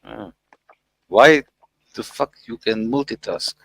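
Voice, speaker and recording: A man mocking and speaking haltingly in a heated casual argument. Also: mid-range voice, animated, vocal fry, a bit bright.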